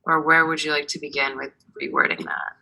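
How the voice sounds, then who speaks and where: A woman chairs a board meeting, steering the draft and asking the group for input. Her voice sits low in pitch but has a very bright, cutting edge. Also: very animated, brisk, gravelly, poor audio. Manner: leading, asks the group questions. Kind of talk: meeting discussion.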